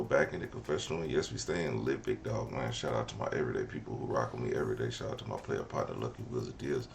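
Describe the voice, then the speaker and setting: A male vlog host with an extremely deep, gravelly voice talks in a hyped, slang-heavy way as he greets his viewers and runs through shout-outs. A faint noise sits behind him. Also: quick pace, few pauses. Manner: energetic, slangy, hype.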